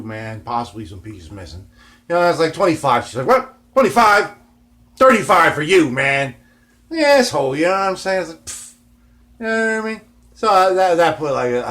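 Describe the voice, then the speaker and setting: Rambling laid-back man telling a story. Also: medium pitch. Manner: laid-back, swears freely, fills every line with "man" and "you know what I mean"; animated, swinging between loud and hushed. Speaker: guitar vlogger.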